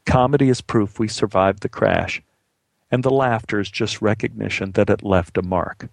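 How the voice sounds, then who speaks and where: A man's voice: on the low side, moderate pace, gravelly, no echo. A man telling a personal story aloud with a vivid, dramatic delivery.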